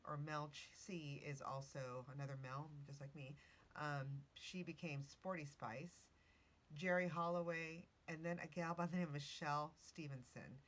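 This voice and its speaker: Chatty woman hosting a podcast. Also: sits low. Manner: chatty, reads from notes with self-corrections and asides. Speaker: podcast host. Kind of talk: casual storytelling podcast.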